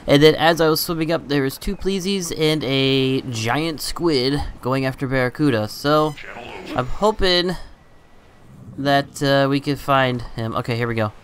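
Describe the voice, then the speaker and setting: A man's voice: medium pitch, unhurried, slight background noise, rough recording. A man hosting a gaming channel, chatting casually over his gameplay, exasperated and laughing at his own bad luck.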